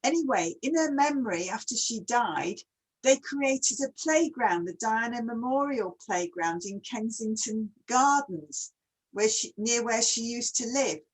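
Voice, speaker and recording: A chatty woman hosts a relaxed online talk. Her voice is fairly high and a little breathy, and her pitch swings up and down a lot. She keeps firing questions at her guest. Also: a little slow, rough recording. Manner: chatty, asks many questions. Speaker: host. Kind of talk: casual online chat.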